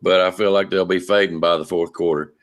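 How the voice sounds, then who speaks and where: A man's voice: low voice, flat delivery, fairly quick. A man, hosting a casual podcast chat in an easygoing, colloquial way. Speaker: podcast host.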